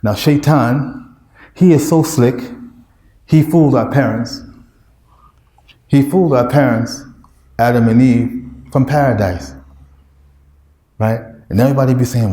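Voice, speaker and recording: A man's voice: mid-range voice, a little slow, long pauses, dark tone, echoey room. A man with an American accent preaching a sermon, emphatic and repetitive, with street slang. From United States.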